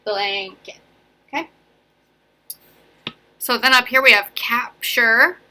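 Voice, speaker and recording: Young woman teacher, bright clear voice, chatty, keeps asking right? okay?. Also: fairly high pitch, slow pace. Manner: chatty and encouraging, often checking in with "right?" and "okay?". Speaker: elementary school teacher. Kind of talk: casual classroom video lesson.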